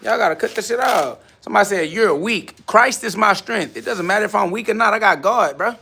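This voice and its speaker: A man's voice: high-pitched, lively intonation, fast, vocal fry, pushed and bright, breathy edge. A man hosting a live stream from his garage gym, answering viewer comments in a brash, boastful, repetitive rant. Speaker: livestream host.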